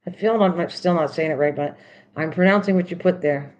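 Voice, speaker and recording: A woman's voice: fairly low pitch, brisk, darkish tone, poor audio. An older woman hosting a craft video, chatting casually and teasingly, repeating words over and over while she works.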